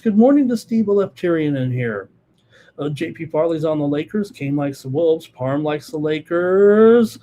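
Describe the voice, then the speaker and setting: With a warm, slightly high voice, this sports betting show host races through his live analysis. He leans on plenty of fillers and reads viewer comments aloud as he goes.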